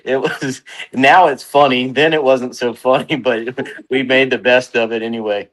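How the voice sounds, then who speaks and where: A man's voice: mid-range voice, fairly even intonation, moderate pace, a bit bright, rough recording. A man telling race stories in casual radio chat, laughing often.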